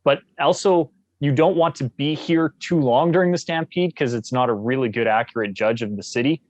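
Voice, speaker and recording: A man from Canada, a guest on a podcast, telling stories in a jovial, enthusiastic, animated way. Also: mid-range voice, brisk, dry recording. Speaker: guest, actor. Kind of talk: casual podcast interview.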